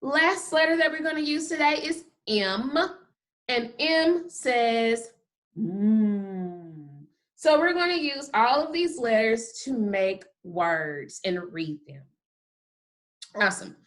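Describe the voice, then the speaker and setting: A woman teaching a kindergarten phonics lesson, sounding out letters slowly and praising often. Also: high-pitched, a bit bright. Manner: slow, drawn-out sounding of letters with frequent praise. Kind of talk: phonics lesson for young children.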